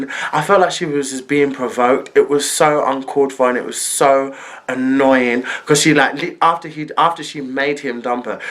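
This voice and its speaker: A woman vlogger telling a storytime, animated and laughing as she acts out the other people. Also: deep voice. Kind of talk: storytime narration.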